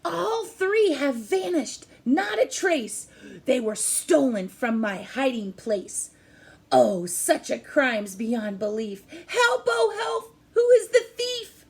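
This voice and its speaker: A woman's voice: very animated, slow, creaky, full character voice. A woman doing a shrieking frantic squirrel. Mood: panicked. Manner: shrieking, wailing, high and loud. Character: frantic male squirrel, panicky. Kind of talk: storybook read-aloud.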